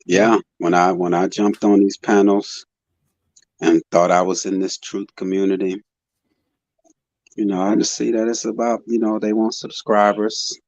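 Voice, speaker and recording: A man with a very low voice hosts a casual live panel, musing in a relaxed, drawn-out way. His audio comes through dull and dry, like a lo-fi online stream. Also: no room sound. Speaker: host.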